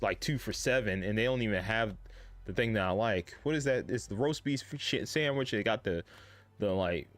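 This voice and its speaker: Male streamer, mid-pitched, rambling and jokey casual talk, faint music under the voice. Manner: rambling, joking, talks to chat. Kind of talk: casual live-stream chat.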